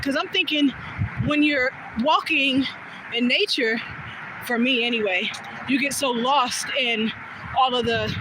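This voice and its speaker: Chatty high-voiced woman telling stories outdoors. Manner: chatty, swears casually, acts out quoted voices. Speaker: vlogger. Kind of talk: casual storytelling while walking. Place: outdoors on a walking trail. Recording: outdoor noise behind voice.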